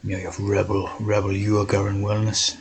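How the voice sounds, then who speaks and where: Deep, flat-voiced man rambling. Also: moderate pace, vocal fry, a little hiss or hum, poor audio. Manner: meandering, keeps asking "right?". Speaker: video host. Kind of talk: rambling monologue.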